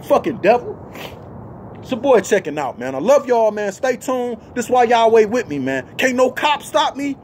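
A man's voice: very high-pitched, animated, normal speed, a little hiss or hum. A man vlogging in an agitated, emphatic rant, emotional and tagging most lines with "man". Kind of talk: heated ranting monologue.

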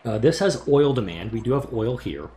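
A man's voice: mid-range voice, lively intonation, normal speed, mellow. A man giving casual let's play commentary, thinking aloud and muttering to himself as he plans moves, with the odd mild swear.

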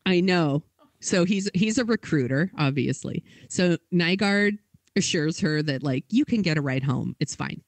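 A man is hosting a podcast and telling a story in a loose, chatty way. He fills his talk with fillers and keeps acting out quick quotes from the people in it. His voice sits fairly high for a man and sounds dry and close. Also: lively intonation, gravelly, no room sound. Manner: casual, filler-heavy retelling with acted quotes. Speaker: podcast host.

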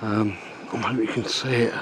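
A middle-aged man, out of breath, talking haltingly to a handheld camera outdoors at night in the rain, with many ums and uhs. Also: fairly low pitch, steady tone, fairly bright tone, a little hiss or hum, low-quality recording. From England. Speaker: vlogger. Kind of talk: casual vlog to camera.

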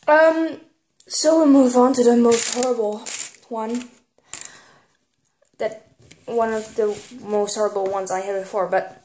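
A teenage girl, filming a casual vlog and getting excitable, squealing when something pleases her. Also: a little high. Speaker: vlogger. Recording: echoey room.

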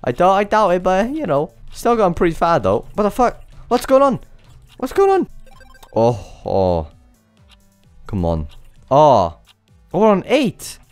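A man playing a stressful game and commenting, swearing and yelling frantic exclamations as he goes, sounding out of breath. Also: high-pitched, wildly swooping pitch, measured pace, dry recording, soft background music. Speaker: gaming channel host. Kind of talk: let's play commentary.

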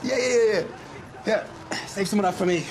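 An actor playing a careless British rocker in a sitcom, loose and casual. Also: male voice, sits high, a little fast, crowd noise, lightly acted. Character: Bryn, a druggy rock band singer.

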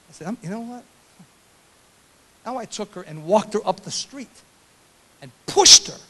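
An older man preaching a sermon as pastor, shouting his points with emphasis and then dropping to quiet storytelling. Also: high-pitched, animated, moderate pace, pauses often, slightly rough.

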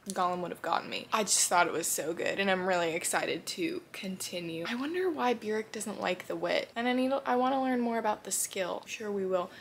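A woman's voice: medium pitch, a little hiss or hum. A young woman in her twenties chatting casually about books she is reading, gushing and full of "like" fillers. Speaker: book vlogger. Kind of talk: casual reading vlog chat.

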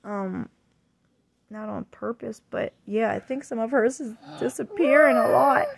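Chatty high-voiced woman gushing on phone. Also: unhurried, gravelly, breathy edge. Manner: chatty and gushing, frequent fillers and apologies. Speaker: vlogger. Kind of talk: casual unboxing vlog.

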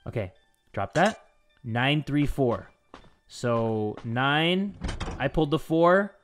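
A man giving excitable, jokey let's play commentary, with sudden yelps and casual swearing. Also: medium pitch, slow. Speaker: gaming YouTuber. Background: game music.

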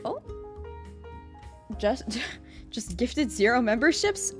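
A woman streamer chatting casually with her viewers live, excitable, swearing freely and laughing often, rambling and repeating herself. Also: a little high, slow pace, pauses often, faint music behind.

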